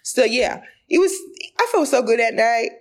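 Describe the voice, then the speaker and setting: A woman's voice: fairly high pitch, moderate pace. Chatty young woman podcast host. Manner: chatty storyteller, acting out quoted lines with rising excitement. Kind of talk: casual podcast chat.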